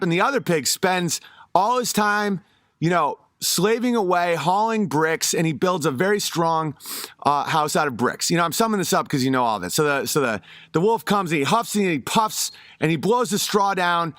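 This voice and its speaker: A man's voice: fairly high pitch, lively intonation, normal speed, a bit bright, no echo, clean studio sound. A man giving a rambling, casual monologue, often restarting his sentences. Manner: rambling, with many fillers and restarts.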